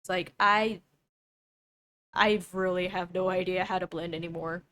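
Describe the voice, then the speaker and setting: A woman's voice: fairly low pitch, steady tone, measured pace, a bit bright. A young woman streamer chatting casually while she draws, thinking aloud and doubting herself as she goes. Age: young adult.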